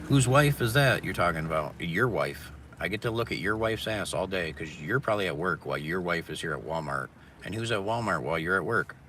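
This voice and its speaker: Deep-voiced man ranting bluntly. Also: lively intonation, fairly quick, few pauses, a bit bright, a little hiss or hum. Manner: profane, blunt and mocking. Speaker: live streamer. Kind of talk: casual ranting monologue. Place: indoors near a mirror.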